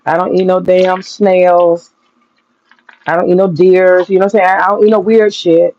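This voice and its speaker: Speaking at a moderate pace in a lowish, slightly mellow voice with flat delivery, a woman on a live stream rants casually to her chat. She's blunt and profane and laughs often, and the audio is dull and lo-fi with faint noise.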